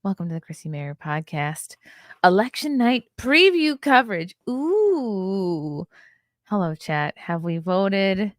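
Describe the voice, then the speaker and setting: A woman's voice: medium pitch, big pitch swings, slow pace, dry recording, studio quality. A tired, yawning woman hosting a podcast, chatting casually with her viewers and rambling between comments from the chat. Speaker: podcast host.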